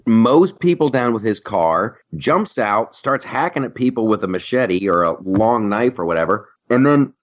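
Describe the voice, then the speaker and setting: A man hosting a talk radio show, giving blunt opinions in an animated, joking way. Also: lowish voice, moderate pace, hardly any pauses, dull audio. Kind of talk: casual political talk radio banter.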